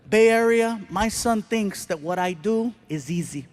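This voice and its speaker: A middle-aged man performing a stand-up comedy set on a live stage, telling stories with animated delivery and acting out other people's voices. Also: high voice, unhurried, hardly any pauses.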